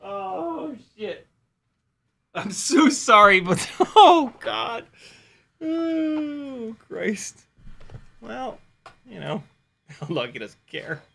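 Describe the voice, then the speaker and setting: A man chatting casually while flying a drone on a live stream, excitable, laughing and swearing, talking to his dog. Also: extremely high pitch, drawn-out words, creaky, pauses often. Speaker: FPV drone pilot and streamer.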